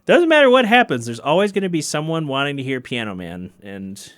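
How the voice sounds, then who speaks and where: A man's voice: a little high, sing-song, a little fast. A man hosting his own podcast, chatting in a rambling, wry way and laughing often. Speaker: podcast host and musician. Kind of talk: casual solo podcast chat. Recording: loud keyboard music under the voice.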